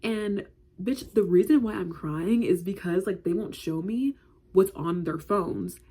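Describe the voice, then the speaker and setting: A woman's voice: medium pitch, measured pace, dark tone, breathy edge. A woman in her twenties telling a casual storytime, chatty and slangy, with filler words in nearly every phrase.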